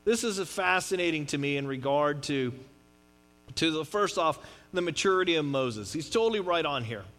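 A middle-aged man preaching a sermon in a conversational, joking way, with swings from loud to quiet. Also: fairly high pitch, expressive, normal speed. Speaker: pastor.

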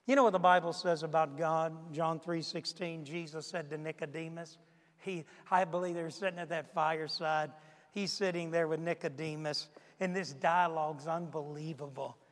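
A man's voice: fairly high pitch, fairly even intonation, moderate pace. A man preaching a sermon to a congregation, pressing his point with repeated rhetorical questions. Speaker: pastor. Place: church sanctuary. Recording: long reverb of a large hall.

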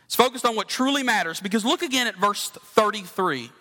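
Bright high-voiced man preaching in a hall. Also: animated, a little fast. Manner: earnest, conversational preaching with direct questions to listeners. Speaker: pastor. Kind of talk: sermon.

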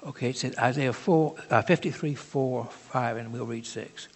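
A man preaching a sermon in a conversational, halting way, with asides to the congregation. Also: mid-range voice, in a large hall.

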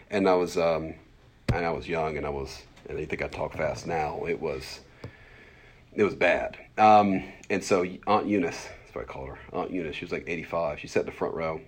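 A man in his forties, a pastor teaching a Bible class in a casual, fast-talking way, full of fillers and acted-out asides. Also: rumbling low, slightly rough. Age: 40s.

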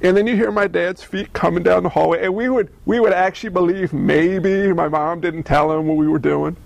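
A man preaching a sermon, telling stories in a conversational, animated way and asking the audience questions. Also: high voice, normal speed, creaky, dry recording. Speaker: pastor.

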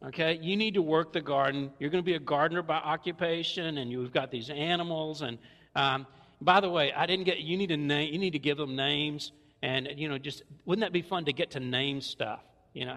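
A man's voice: fairly high pitch, lively intonation, normal speed, a bit bright, long reverb tail. A man with a Southern US accent preaching a sermon, folksy and conversational with playful asides. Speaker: pastor. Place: church.

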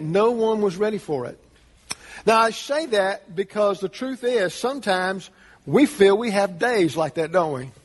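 A man's voice: sits high, a bit bright. A man preaching a sermon as pastor, earnest, asking the congregation rhetorical questions. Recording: long reverb of a large hall.

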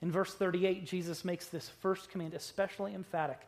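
Guy preaching a sermon, chatty, gets loud on key words then drops quiet. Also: sits high, steady tone, fairly quick. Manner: emphatic, swings between loud stressed words and quiet asides; conversational with rhetorical questions. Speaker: pastor.

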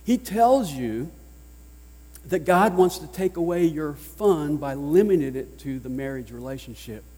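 A man with a Southern US accent preaching a sermon as pastor, emphatic, swinging between loud declarations and hushed lines. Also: fairly high pitch, lively intonation, unhurried, breathy edge. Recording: long reverb of a large hall.

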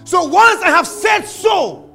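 A man's voice: very high voice, expressive, slow, sharp tone, shouting, soft background music, pitched above the performer's own voice, exaggerated voice. A male preacher voicing a commanding savior who rebukes a storm in a sermon, speaking firmly and declaiming.

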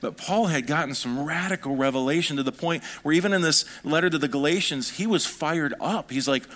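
Man preaching a lively sermon. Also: fairly high pitch, brisk, few pauses. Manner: animated preaching, swinging between soft and fired-up. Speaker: pastor.

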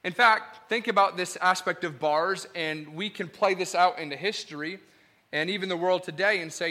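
A male pastor preaching a sermon in an animated, emphatic, conversational way. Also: high voice, normal speed.

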